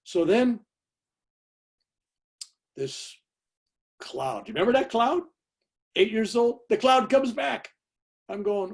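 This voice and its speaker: A man's voice: sits high, slow pace, pauses often. A man in his seventies, speaking on a video call from home, tells a personal story with emphatic energy and keeps asking "right?" to check in with his listeners. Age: 70s. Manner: emphatic, lively, tag questions. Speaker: guest speaker.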